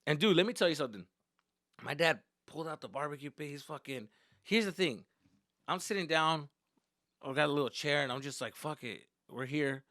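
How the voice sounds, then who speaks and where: A male comedian tells a story in an animated, profane way, now and then slipping into Spanish. His voice is bright, tense and a little high. The sound is dry and close. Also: a little fast, long pauses, no room sound. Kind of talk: stand-up style storytelling.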